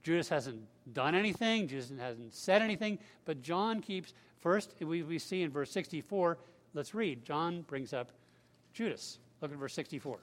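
A man's voice: a little high, expressive, moderate pace. A man preaching a sermon as pastor, conversational and emphatic, with casual asides. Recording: long hall reverb.

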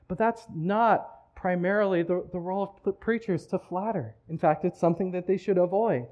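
Conversational male preacher, slightly high voice. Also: moderate pace, few pauses, darkish tone, muffled recording. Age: adult, married. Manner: conversational preaching with frequent restarts. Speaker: pastor. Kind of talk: sermon. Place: church.

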